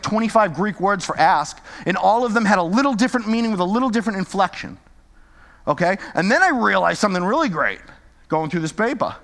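A high-pitched man delivers a lively, conversational sermon and keeps checking in with his listeners. His voice carries a long hall reverb, as if he is speaking in a large space. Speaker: Bible teacher.

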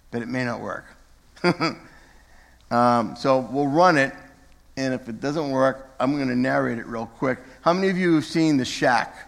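A gravelly, mid-range male voice delivers a conversational sermon from a church pulpit, with a long reverb tail trailing his words. The pastor sometimes corrects himself and addresses the congregation directly.

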